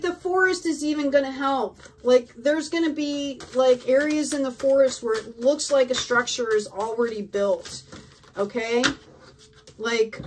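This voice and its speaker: A woman's voice: a little high, recorded from a distance, slight background noise. A woman giving a casual tarot reading, talking effusively and peppering her speech with "like", "right?" and "okay?". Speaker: tarot reader.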